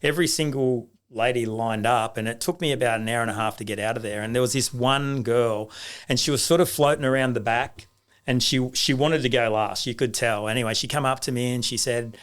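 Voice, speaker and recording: A man's voice: mid-range voice, brisk, a bit bright, clean tone. A middle-aged man with an Australian accent, a guest in an interview, telling stories in a loose, anecdotal way with lots of restarts. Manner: anecdotal, acts out quoted voices, many restarts. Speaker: guest, rugby league coach. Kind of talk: storytelling in a casual interview.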